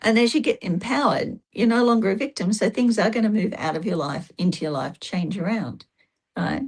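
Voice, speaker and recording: A woman's voice: medium pitch, a little fast, slightly rough. A woman interviewed as a guest, talking casually and giving emphatic, anecdotal advice.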